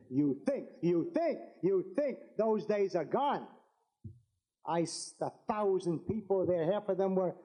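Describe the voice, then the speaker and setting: A man's voice: sits high, warm tone, low-quality recording. A man, a rabbi, giving an impassioned political speech to an audience, fervent and repetitive, building to emphatic declarations.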